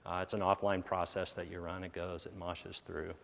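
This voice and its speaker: A man giving a technical conference talk, with sarcastic, animated asides and a habit of thinking aloud with fillers and restarts. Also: low-pitched, moderate pace, gravelly. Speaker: conference presenter. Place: large conference hall. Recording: echoey conference hall.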